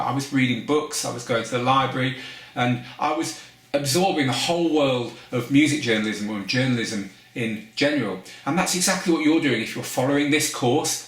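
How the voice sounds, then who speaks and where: A man from Manchester, hosting a DJ course and teaching through a candid personal story, his pitch lifting as he stresses points. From Manchester, England. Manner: conversational, candid storyteller with lively pitch lifts. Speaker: DJ course host. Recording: roomy echo.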